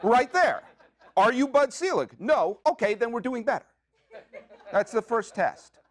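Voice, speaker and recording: A man hosting his own podcast, talking in an excitable, jokey, rambling way with quick asides from a community media studio. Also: extremely high pitch. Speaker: podcast host. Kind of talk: comic solo podcast monologue.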